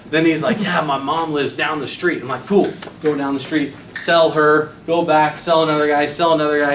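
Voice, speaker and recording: A young sales trainer with a slightly high voice gives a motivational training talk to his team in a meeting room, telling an animated story and acting out his own quotes. The recording is noisy and echoey, with the mic far away.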